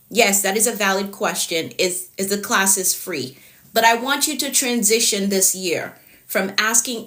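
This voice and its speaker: Hosting a live stream as a productivity coach, a Jamaican-accented woman speaks in a bright, clear, middle-pitched voice. Her talk is loose and chatty; she keeps circling back to the same points and pauses to answer comments as they come.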